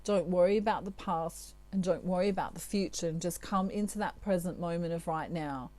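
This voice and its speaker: A woman, a tarot reader, giving spiritual advice to her viewers in a chatty, gentle way with asides. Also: fairly low pitch, brisk.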